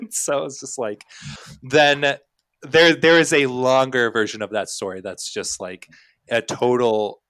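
A man's voice: mid-range voice, steady tone, normal speed, a bit bright, clear, resonant tone, no room sound. A young man talking as a podcast guest, telling long anecdotes with plenty of fillers and restarts in a casual chat. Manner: rambling storyteller, many fillers.

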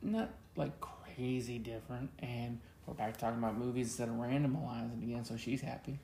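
Podcast co-host, male, teasing banter, gravelly and warm-toned, echoey room. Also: medium pitch, steady tone, brisk, slight background noise. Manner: joking, teasing. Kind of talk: casual chat. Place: home studio. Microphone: podcast mic.

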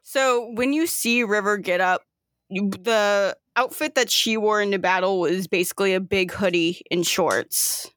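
A woman narrates a tabletop game with lively, animated energy. Her voice sits close and dry, with no room echo. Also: medium pitch, measured pace. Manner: animated, laughing often. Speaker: game master.

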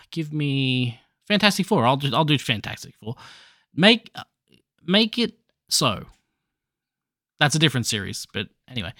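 A man's voice: mid-range voice, a bit bright, no echo, clean studio sound. A man hosting a podcast alone, chatting casually about movies in a rambling, jokey way with restarts and swearing. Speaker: podcast host.

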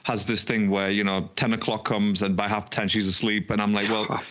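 A man's voice: lowish voice, level tone, a little fast, fairly bright tone, muffled recording. A man co-hosting a casual podcast, rambling with fillers and restarts. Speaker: podcast co-host. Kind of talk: casual chat.

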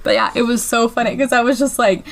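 A young woman with a slightly high voice co-hosting a casual podcast, telling stories with animated energy. She laughs easily through her sentences and drops swear words without a second thought. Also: quick pace, vocal fry. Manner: giggly, animated storyteller, swears freely. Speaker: podcast co-host. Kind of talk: casual chat.

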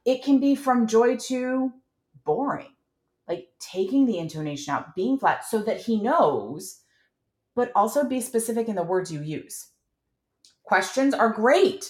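A woman coaching a parent in a calm, clear, instructive way as the host. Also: fairly high pitch, a little slow, echoey room. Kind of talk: coaching conversation.

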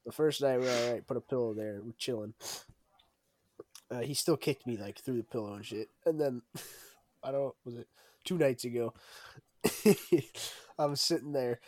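A man's voice: medium pitch, normal speed, long pauses, darkish tone, no room sound, clean studio sound. A young man in casual chat, telling a funny story with slang and swearing, laughing often.

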